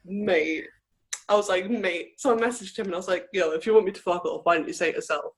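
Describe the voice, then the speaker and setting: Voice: medium pitch, racing, breathy edge. A podcast co-host in casual chat, telling a personal story and acting out quoted lines, with lots of "like". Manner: rambling storyteller who acts out quoted lines, heavy use of "like".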